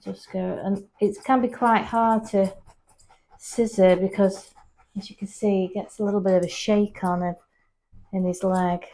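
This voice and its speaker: Her delivery is flat and measured, her tone warm. This pet groomer vlogs from inside her grooming salon, chatty and explanatory as she describes the job, switching to a high coaxing voice for the dog.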